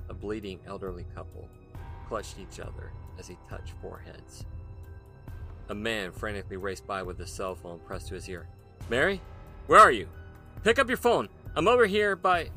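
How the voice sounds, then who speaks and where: A man giving a measured, dramatic scripted narration of a story. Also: deep voice, a bit bright. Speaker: audiobook narrator.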